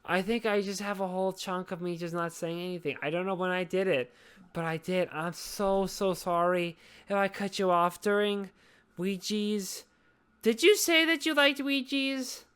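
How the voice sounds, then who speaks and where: A drunk woman rambles through a casual podcast chat, swearing freely and apologizing again and again. Her voice is smooth and clear at an ordinary middle pitch. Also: normal speed, fairly bright tone. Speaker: podcast host.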